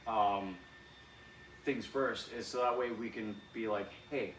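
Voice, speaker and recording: A man leading drama practice, talking in an animated, rambling way with lots of fillers. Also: lowish voice, a little slow, a little hiss or hum. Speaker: drama coach. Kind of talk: casual drama practice talk. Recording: echoey room, distant mic.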